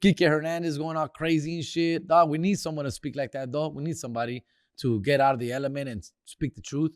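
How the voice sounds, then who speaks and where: A man rants about sports in a loose, profane street drawl, tossing in Spanish slang. His voice sits a bit high for a man. The sound is dry and close, with no room around it. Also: fairly even intonation, fast, dry recording. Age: older. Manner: slangy, profane, mixes Spanish words into English. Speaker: comedian hosting a sports segment. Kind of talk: casual sports rant.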